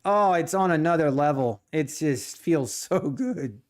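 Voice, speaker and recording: A middle-aged man rambles through jokey, casual talk on a live stream, laughing easily as he answers the chat. His voice sits a little high, and he speaks at an unhurried, drawn-out pace. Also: expressive. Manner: laughs often, rambling and joking. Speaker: live-streaming day trader.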